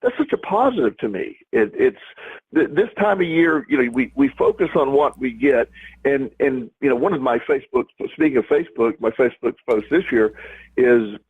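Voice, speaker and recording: Middle-aged male co-host, casual rambling talk, husky tone, thin phone-line audio. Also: mid-range voice, lively intonation, normal speed, dry recording. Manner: rambling, many restarts and repeated words. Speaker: podcast co-host. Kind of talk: casual chat.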